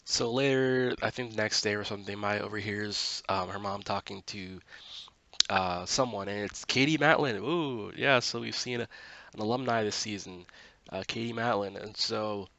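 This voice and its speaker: A man's voice: fairly low pitch, moderate pace, bright, forceful tone, slight background noise. A man casually recapping a TV episode, rambling with lots of 'like' and 'um' and frequent self-corrections.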